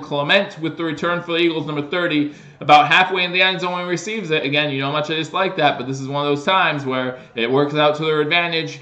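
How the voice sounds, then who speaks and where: A man's voice: a little high, echoey room. A man hosting a live stream, giving casual play-by-play football commentary that picks up on big plays. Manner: casual, with fillers and restarts, rising excitement on plays. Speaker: host doing live play-by-play.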